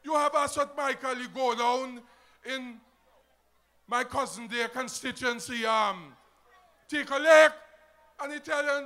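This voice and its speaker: Shouting Antiguan man at a rally. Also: very high-pitched, unhurried, long pauses. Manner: shouting, emphatic, rousing crowd. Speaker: political rally speaker. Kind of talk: rally speech.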